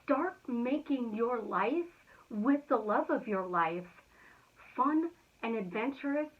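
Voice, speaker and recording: A woman giving an energetic, emphatic motivational talk in a chatty way. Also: fairly high pitch, takes it slowly, slightly rough. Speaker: motivational speaker. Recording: tinny phone-like sound.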